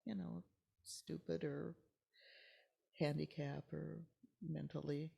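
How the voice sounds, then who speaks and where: Gravelly older woman telling a story. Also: sits low, level tone, dark tone, highs cut off. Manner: halting, emotional, drops to near-whispers. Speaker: church member guest. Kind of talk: personal storytelling interview.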